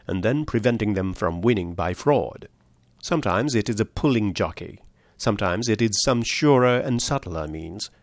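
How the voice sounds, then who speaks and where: A man reading a story aloud, voicing a shrewd male detective who lays out his deductions in a measured, precise way. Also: on the low side, no echo, lightly acted.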